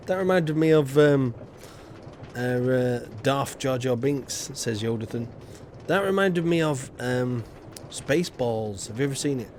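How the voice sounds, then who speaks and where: A man's voice: medium pitch, lively intonation, measured pace, darkish tone, slight background noise. A man with a Yorkshire accent streaming a building game, chatting casually with viewers in a rambling way, full of little asides. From Yorkshire, England. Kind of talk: casual gaming chat.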